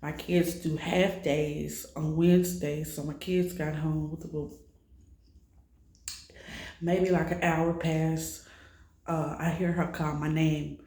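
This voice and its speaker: In an emotional personal vlog, a woman tells the story of her child's illness, raw, distressed and swearing freely. Her low, mellow voice barely shifts in pitch as she takes it slowly with frequent pauses, and the recording sounds roomy.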